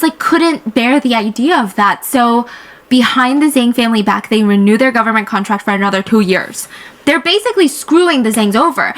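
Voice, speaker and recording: A woman hosting a true crime podcast, telling the case in an animated, conversational way with quick asides. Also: on the high side, rough recording.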